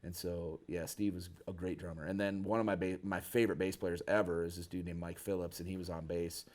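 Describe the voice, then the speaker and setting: A man from Michigan, a guest musician, telling a story casually in an interview, animated and loose with slang. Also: deep voice, brisk. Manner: animated, acts out quoted people with a raised voice, casual slang. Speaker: guest musician, bass player.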